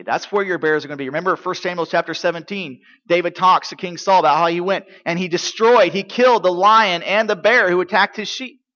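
A man preaching a sermon in church, asking the congregation rhetorical questions and swinging between quiet, low stretches and loud, emphatic ones. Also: muffled recording. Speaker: pastor.

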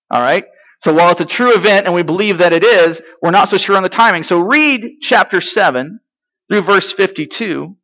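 A man preaching a sermon as pastor, swinging between quiet reflection and loud emphatic declarations. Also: high voice, lo-fi sound.

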